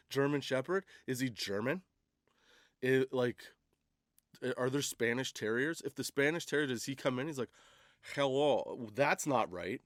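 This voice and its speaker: A man's voice: medium pitch, dry recording, clean studio sound. A man hosting a comedy podcast, rambling through a casual monologue with laughs and restarts. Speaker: podcast host.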